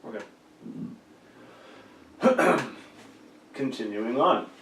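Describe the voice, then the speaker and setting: A man's voice: mid-range voice, animated, drawn-out words, fairly bright tone, a little hiss or hum. A man co-hosting a podcast, trading playful, teasing jokes in casual comedic banter. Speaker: podcast co-host. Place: indoor recording room. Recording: roomy room, mic at a distance.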